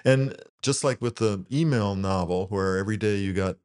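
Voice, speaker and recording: A man being interviewed about his online writing projects, talking in a relaxed, rambling way and laughing often. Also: lowish voice, normal speed, smooth. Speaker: guest, net prov creator. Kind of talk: casual conversational interview.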